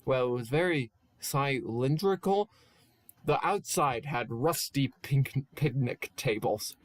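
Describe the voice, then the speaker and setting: A young man reads a goofy fan story aloud, tripping over words and laughing at the writing. His voice has a middle pitch. The sound is close and dry, with no room around it. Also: lively intonation, slow, dry recording. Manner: stumbling, laughing at the text. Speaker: channel host. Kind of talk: comedic fan-fiction reading.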